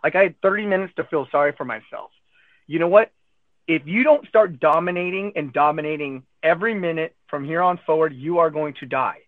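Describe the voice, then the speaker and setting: A man's voice: on the high side, brisk, no room sound. Man telling a story over a tinny line. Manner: animated retelling, acting out quotes of others. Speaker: guest telling his cancer story. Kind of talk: storytelling in casual conversation. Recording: tinny phone-line sound.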